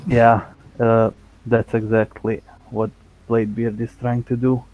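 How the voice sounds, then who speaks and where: A man's voice: medium pitch, level tone, a little slow, phone-quality sound, background noise. A man playing a tabletop game who speaks hesitantly, with many fillers. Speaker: player.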